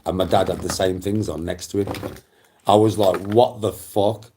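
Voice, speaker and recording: A man's voice: low voice, steady tone, normal speed, noisy background. A middle-aged man, telling rambling stories in casual, profane chat and repeating himself as he goes.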